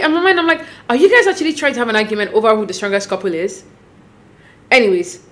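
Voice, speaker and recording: A woman giving a casual, sassy recap of a reality show, speaking expressively with sudden jumps in pitch. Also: fairly bright tone.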